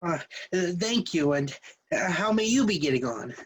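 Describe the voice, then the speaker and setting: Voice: medium pitch, expressive, normal speed, breathy edge, rough recording. A performer playing a flustered, hypochondriac male suitor in his thirties, stammering and hesitant. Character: nervous, hypochondriac 35-year-old male suitor. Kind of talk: stage acting.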